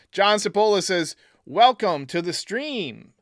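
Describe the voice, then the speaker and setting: Chatty live-stream host with a higher voice. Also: male voice, big pitch swings, takes it slowly, no echo, clean studio sound. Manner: chatty, thinks aloud, reads viewer comments. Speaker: podcast host reading live chat. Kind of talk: casual live-stream talk.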